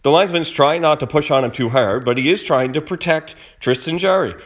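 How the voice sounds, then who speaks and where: A man's voice: on the high side, brisk. A man giving an argumentative commentary on hockey video clips, acting out what players and officials say. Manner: emphatic, argumentative, acts out quotes.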